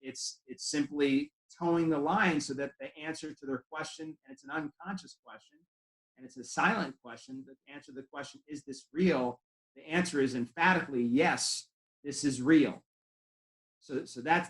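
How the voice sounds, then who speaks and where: A man's voice: medium pitch, a bit bright, echoey room, poor audio. A man coaching chiropractors in a conversational way, telling stories with quoted dialogue. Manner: conversational storytelling with acted quotes. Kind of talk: training talk to chiropractors.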